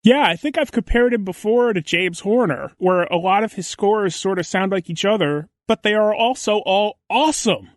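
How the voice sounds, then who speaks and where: A man's voice: sits high, normal speed, few pauses, dry recording. A man co-hosting a podcast in casual chat, enthusiastic and talkative. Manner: enthusiastic, chatty. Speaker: podcast co-host.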